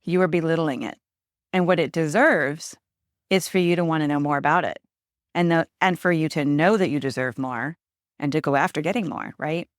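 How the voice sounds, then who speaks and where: A woman's voice: low-pitched, normal speed, dry recording, studio quality. A woman hosting a solo podcast, talking in a conversational, coaching way and often checking in with "right?". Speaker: podcast host.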